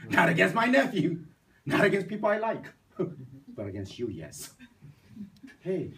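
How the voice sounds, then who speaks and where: A man lecturing a university class, telling stories with rhetorical questions and acting out the people he quotes. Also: fairly high pitch. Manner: animated storytelling with rhetorical questions; emphatic, acts out quoted voices. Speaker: university professor. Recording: distant mic with faint noise.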